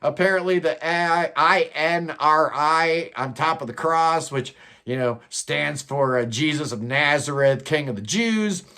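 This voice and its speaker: Chatty man reviewing an album, higher voice. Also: measured pace, sharp tone, smooth. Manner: rambling, enthusiastic, many fillers. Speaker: music reviewer.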